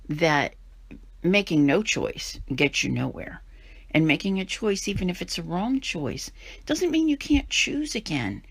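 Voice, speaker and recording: A woman's voice: sits low, no room sound. Emphatic woman giving a tarot reading. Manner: emphatic, conversational, acts out worried inner voices. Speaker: tarot reader.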